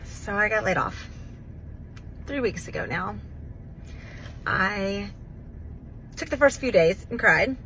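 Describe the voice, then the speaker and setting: A fifty-year-old woman reflects slowly and haltingly on losing her job. Her voice sits in a middle pitch, with faint noise behind it. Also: lively intonation, bright, forceful tone, low-quality recording. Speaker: laid-off worker. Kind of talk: casual vlog reflection.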